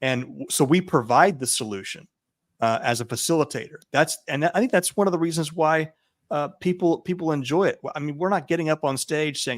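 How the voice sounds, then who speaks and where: A man as a podcast guest, explaining his points in a deliberate, emphatic way. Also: fairly high pitch, no echo, clean studio sound. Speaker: podcast guest, event founder. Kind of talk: casual interview chat.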